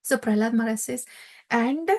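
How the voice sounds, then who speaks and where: A woman teaching a scripture class, telling the story in an animated way with fillers and laughs. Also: fairly high pitch, normal speed.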